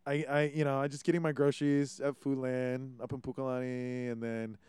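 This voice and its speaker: A man's voice: medium pitch, little pitch movement, brisk, darkish tone, clean tone, no echo. A man from Hawaii hosting a podcast, ranting casually and swearing freely as he acts out quotes. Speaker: podcast host. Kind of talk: casual opinion chat.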